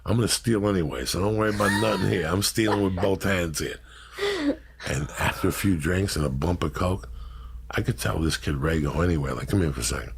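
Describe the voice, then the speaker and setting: Middle-aged man, raspy deep gravel, brash profane storyteller. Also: fairly quick. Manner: brash, crude and animated. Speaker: storyteller guest.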